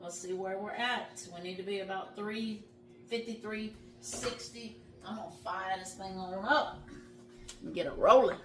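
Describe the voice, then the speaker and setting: A woman's voice: medium pitch, measured pace, fairly bright tone, faint music behind. A middle-aged woman hosting a home cooking vlog in her kitchen, chatty and folksy, calling her viewers y'all and laughing easily. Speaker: home cooking show host. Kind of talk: casual cooking vlog chat.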